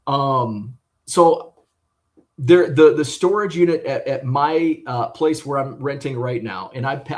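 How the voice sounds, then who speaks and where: A man's voice: fairly high pitch, a little mellow. A man vlogging casually about his sports card hobby, rambling and swearing as he vents about a bad customer service experience. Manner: rambling and profane, retelling with exasperation. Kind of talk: casual venting monologue.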